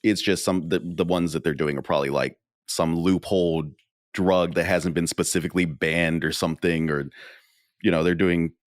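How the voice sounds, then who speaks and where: Deep-voiced man in casual chat. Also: steady tone, normal speed, dry recording, studio quality. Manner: laid-back, profane, laughs often. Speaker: podcast co-host.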